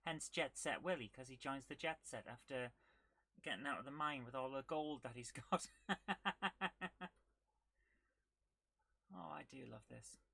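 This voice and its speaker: A woman hosting a casual retro gaming live stream, chatting with viewers and reacting excitedly while she plays. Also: very deep voice, unhurried, creaky, long pauses, slightly rough, no room sound. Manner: chatty, reads viewer comments aloud, bursts of excitement while playing.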